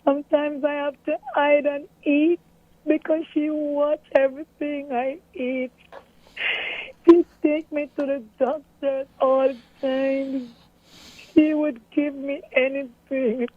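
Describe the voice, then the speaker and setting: Speaking slowly in a high voice, a middle-aged woman, a mother, gives an earnest, animated retelling of events during an interview. The audio is tinny and phone-like, with no room sound.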